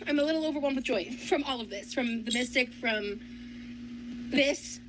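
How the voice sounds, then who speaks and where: A woman with a slightly high voice chats bluntly and casually to her viewers while unboxing gifts, swearing freely. A steady hum of background noise and vehicle sounds sits under her voice. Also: moderate pace. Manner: blunt, profane, chatty.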